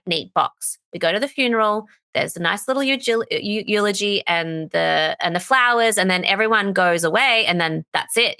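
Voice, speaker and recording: A woman's voice: mid-range voice, vocal fry, pushed and bright, no room sound. A woman speaking as a therapist guest in a podcast interview, earnest and openly talking through her grief, sometimes laughing through tears. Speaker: somatic therapist and coach, guest. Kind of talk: candid interview conversation.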